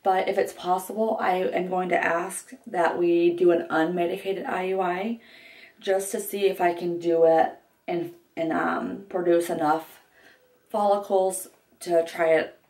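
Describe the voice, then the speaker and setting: A woman's voice: on the low side, level tone, measured pace, a little mellow, distant mic. A young woman talking candidly to the camera in a vlog while doing her makeup, with lots of fillers and restarts. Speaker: vlogger. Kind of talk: get-ready-with-me vlog. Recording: echoey room, voice a bit off-mic.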